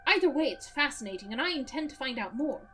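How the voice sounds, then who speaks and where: A woman's voice: high-pitched, lively intonation, fast, bright, forceful tone, soft background music. A woman doing an earnest Irish doctor. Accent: put-on Irish. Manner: earnest, precise, lecturing. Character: middle-aged male doctor, curious about spirits. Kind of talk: reading game dialogue aloud.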